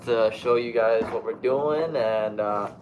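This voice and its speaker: A man's voice: lowish voice, takes it slowly, muffled recording, noisy background. A man co-hosting a podcast, chatting casually and closing out the episode. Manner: reacts with loud groans and wrap-up remarks. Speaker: podcast co-host. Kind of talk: casual chat. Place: podcast studio.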